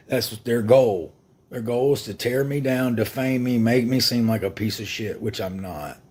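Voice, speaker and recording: A man's voice: medium pitch, a little mellow. Man, livestream monologue, defensive, aggrieved, self-justifying. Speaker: livestreamer being reviewed.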